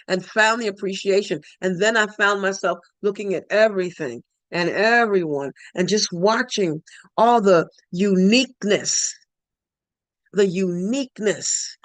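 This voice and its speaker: A woman's voice: mid-range voice, no echo. A woman leading a spiritual study group online, speaking in heartfelt reflection and often repeating her words and phrases. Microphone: online call.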